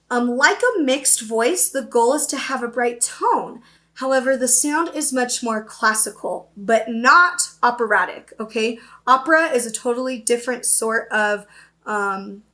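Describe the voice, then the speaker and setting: A young woman leads an upbeat virtual voice lesson, explaining terms and then demonstrating, often checking in with her students by asking "okay?". Her voice is fairly high with a sharp tone.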